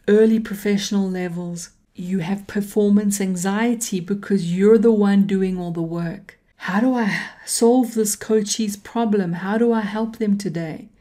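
A woman coaching instructor speaking slowly and deliberately, with a mellow, relaxed tone. She stresses key points calmly and now and then drops to a soft whisper for emphasis. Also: mid-range voice. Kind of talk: tutorial talk to camera.

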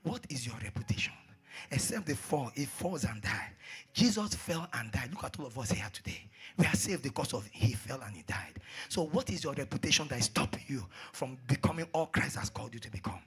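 A man preaching a sermon, repeating phrases and swinging between hushed asides and shouted exhortations. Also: medium pitch, lively intonation, a little fast, husky.

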